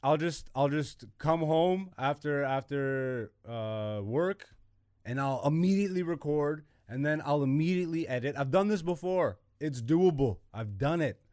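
A man hosting his own podcast, ranting with exasperation and plenty of profanity. His voice sits a bit high for a man and keeps jumping into loud bursts. The recording is dry and close, with no room sound. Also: animated, unhurried, clear, resonant tone, no echo. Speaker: podcast host. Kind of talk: ranting casual monologue.

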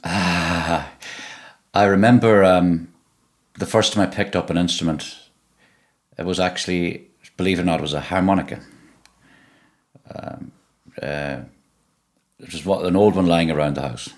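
A middle-aged musician from Donegal, Ireland, speaks in a very deep, low voice with a broad local accent during a conversational interview. At a normal speed and pausing often, he tells his stories in a relaxed, meandering way, frequently repeating words and restarting.

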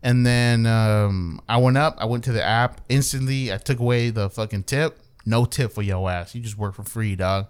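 A man's voice: mid-range voice, moderate pace, few pauses, clean tone. A young man telling a profane story in casual chat, acting out the quoted lines. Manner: animated, swears a lot, acts out quotes.

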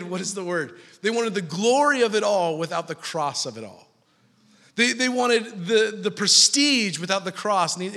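A middle-aged male pastor preaches with a high, bright voice that swings widely in pitch. He tells funny stories and acts out quoted voices. His voice carries a long reverb, as in a church hall. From California. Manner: animated, joking storyteller, acts out quoted voices. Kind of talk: sermon.

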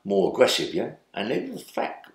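In an echoey room, an older interview guest with a lowish voice and huge pitch swings tells stories at a moderate pace. His storytelling wanders, and he tags lines with questions like "yeah?"

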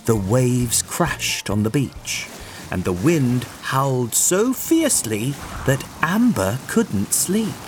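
A man reading a children's bedtime story aloud in an expressive, sing-song way. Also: mid-range voice, a little hiss or hum. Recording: soft music underneath.

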